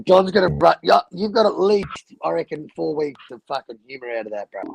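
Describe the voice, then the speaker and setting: A man with a raspy voice, teasing and laughing along in casual rowdy chat. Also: fairly high pitch, lively intonation, moderate pace, low-quality recording.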